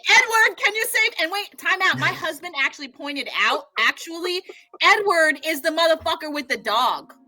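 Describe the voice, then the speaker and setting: A woman co-hosting a live chat, excitable and profane, acting out quotes as she goes. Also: high voice, normal speed. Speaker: podcast co-host.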